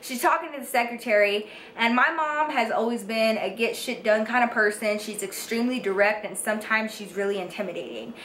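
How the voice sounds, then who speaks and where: A woman's voice: on the high side, brisk, hardly any pauses, fairly bright tone. Chatty young woman vlogger, echoey room. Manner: swears freely, heavy "like" and "you guys", talks straight to viewers. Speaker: beauty vlogger. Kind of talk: storytime monologue to camera. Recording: echoey room with faint background hiss.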